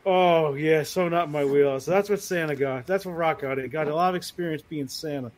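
A man co-hosting a podcast, telling animated, profane stories in casual chat. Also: fairly high pitch, a little fast. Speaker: podcast co-host.

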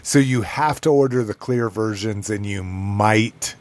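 A man hosts a podcast in easygoing chat. He talks slowly in a slightly low voice and drops casual swearing into his banter. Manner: loose, swearing, laughing banter. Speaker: podcast host.

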